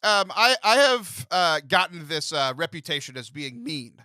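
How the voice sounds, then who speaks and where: A man in his thirties hosting a comedic podcast, jokey and animated, often laughing as he talks. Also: a little high, moderate pace, clean tone, no room sound. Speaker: podcast host. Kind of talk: casual comedic podcast chat.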